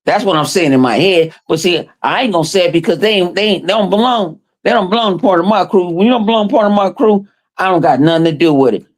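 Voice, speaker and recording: A man's voice: high-pitched, fast. A man hosting a podcast, telling stories in casual chat with lots of swearing and quoted voices. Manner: animated, profane storytelling with quoted voices. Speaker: podcast host.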